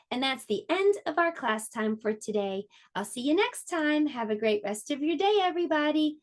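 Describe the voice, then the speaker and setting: A woman preschool teacher reading a storybook aloud to children in a slow, sing-song, expressive way. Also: sits high.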